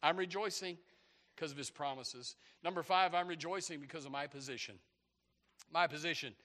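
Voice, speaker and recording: A man preaching a sermon in a church, rambling and excitable, with many restarts and sudden shouted bursts. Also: fairly high pitch, normal speed. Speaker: pastor. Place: church sanctuary. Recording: long hall reverb.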